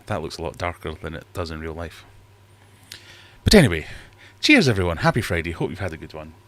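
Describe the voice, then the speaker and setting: A man's voice: deep voice, big pitch swings, a little fast, a bit bright. A man hosting a casual livestream from his fish room, rambling and self-deprecating as he reads chat aloud. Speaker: livestream host.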